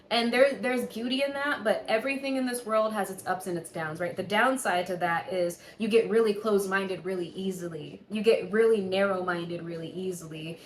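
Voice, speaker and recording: A woman's voice: mid-range voice, normal speed, hardly any pauses, reverberant. A woman giving a casual, candid astrology reading, swearing freely and laughing often. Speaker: tarot reader.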